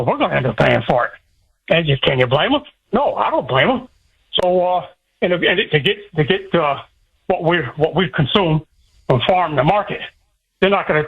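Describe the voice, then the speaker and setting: A man's voice: on the high side, gravelly, breathy edge. A man calling into a radio talk show, rambling with many fillers and slightly out of breath. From United States. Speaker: caller. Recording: dull lo-fi phone-in line.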